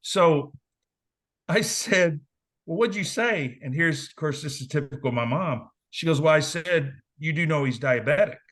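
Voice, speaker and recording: A man in his forties from southern Indiana, telling stories from his playing days in a casual, animated interview. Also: on the high side, normal speed. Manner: animated storyteller, acts out quoted voices. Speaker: interview guest, former basketball player. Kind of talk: casual storytelling.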